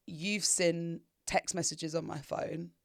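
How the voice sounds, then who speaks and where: A woman's voice: on the low side, fairly even intonation, slow pace, creaky, no echo, studio quality. A woman in her thirties, co-hosting a podcast, giving advice in casual, reflective chat. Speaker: podcast co-host.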